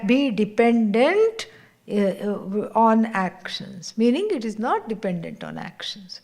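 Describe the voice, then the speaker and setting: A woman spiritual teacher giving a scripture class, unhurried and laughing often as she tells stories. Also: fairly high pitch, a little mellow.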